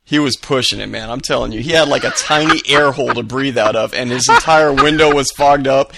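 A man's voice: medium pitch, a little fast, gravelly, background noise. A man co-hosting a podcast, telling stories enthusiastically in casual chat with many fillers. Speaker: podcast co-host.

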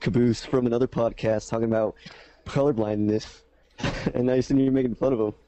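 A man's voice: medium pitch, steady tone, fairly quick, dark tone, low-quality recording. A man co-hosting a casual podcast, teasing the others and laughing at the stories.

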